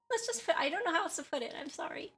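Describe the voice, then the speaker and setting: A woman's voice: very high voice, expressive, fast talker, bright, forceful tone. A woman streamer chatting casually with viewers, rambling with lots of fillers, giggles and apologies. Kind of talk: casual livestream chat with viewers.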